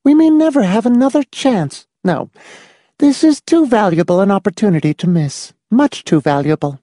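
A cool, controlling schoolteacher type, as a woman reads her, speaking with dry, dispassionate calm. The voice is mellow and dark, yet the pitch moves in lively curves. The recording is close and dry. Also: normal speed, dry recording, close to an everyday voice. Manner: dry, dispassionate, calmly insistent. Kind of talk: audiobook dialogue reading.

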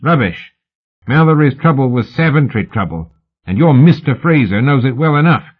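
A man's voice: mid-range voice, expressive, moderate pace, breathy edge, voice pushed up. A man voicing a suspicious, coarse Victorian agent who speaks bluntly and challengingly. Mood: hostile. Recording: narrow phone-like audiobook sound.

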